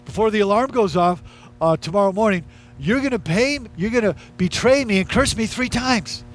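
Brief: a pastor playing a calm male teacher, matter-of-fact, fairly high voice. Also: moderate pace, slight background noise.

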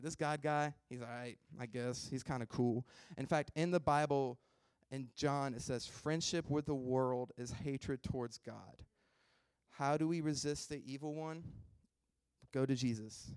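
A man's voice: mid-range voice, a little mellow, smooth, no room sound. A man in his twenties giving a casual, self-deprecating sermon and chatting easily with his listeners. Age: 20s.

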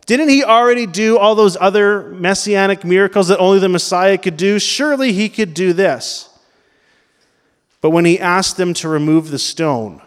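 A man gives a sermon in a conversational, questioning manner, his voice pitched high for a man. The sound carries a long reverb, as in a large church hall. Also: clear, resonant tone. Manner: conversational preaching, questions the congregation. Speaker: pastor.

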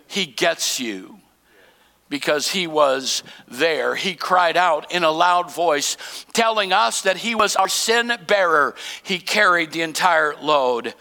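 A man preaching a sermon as pastor, swinging between shouted proclamations and hushed, slow lines. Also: fairly high pitch, vocal fry, in a large hall.

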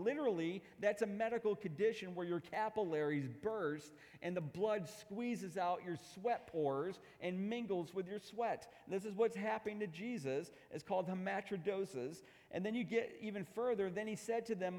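A middle-aged man preaching a sermon as pastor, emphatic, swinging between loud declarations and hushed asides. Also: sits high, normal speed, few pauses. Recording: long hall reverb.

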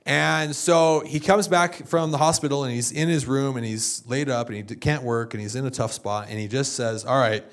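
A middle-aged man preaching a sermon, telling stories and acting out what other people said in lively bursts. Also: medium pitch, normal speed, few pauses. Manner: storytelling, animated, quoting others in lively bursts. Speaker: pastor.

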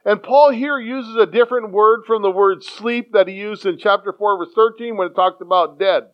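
A man preaching a sermon in an animated way, acting out quoted voices and often repeating his words. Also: high voice, moderate pace, smooth. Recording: dull lo-fi sound.

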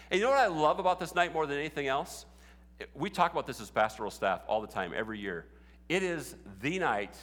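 Bright and forceful, with a voice a little on the high side, a pastor preaches in a church sanctuary. The large hall adds a long reverb as his sermon shifts from chatty talk to fervent exhortation.

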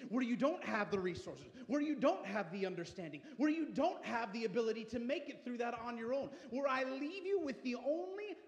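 High-pitched guy preaching, goes quiet then loud, big echoey church hall. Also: animated, brisk, hardly any pauses. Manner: passionate, swings from hushed to loud. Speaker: pastor. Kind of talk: sermon. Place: church sanctuary.

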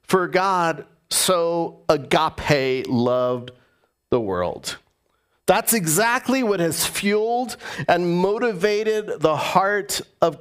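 A man's voice: sits high, a bit bright. A man preaching a sermon as pastor, earnest and emphatic, repeating phrases for stress.

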